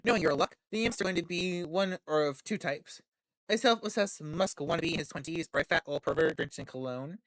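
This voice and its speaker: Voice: medium pitch, a little fast, fairly bright tone, dry recording, studio quality. A gaming streamer reading a visual novel aloud, joking, laughing and swearing at the story.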